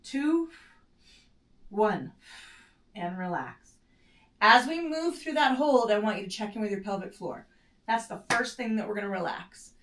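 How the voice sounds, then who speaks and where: A bit bright, mid-range, and at normal speed, a woman gives guided mat pilates instruction, exercising along with short, strained breaths and a casual, self-correcting style. The room echoes, and she is recorded from a distance.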